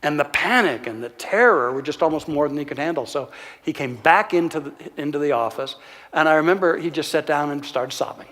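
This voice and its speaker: A man's voice: fairly high pitch, fairly bright tone. Earnest man preaching in a reverberant church. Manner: earnest, measured storytelling with frequent "uh" pauses. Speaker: minister. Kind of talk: sermon, telling a counseling story. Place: church sanctuary.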